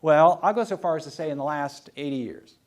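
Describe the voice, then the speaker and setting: A man with a high-pitched lecturing voice, wry storyteller. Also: lively intonation, brisk, a little mellow. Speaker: historian giving a talk. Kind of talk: public lecture with anecdotes. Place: talk before a live audience.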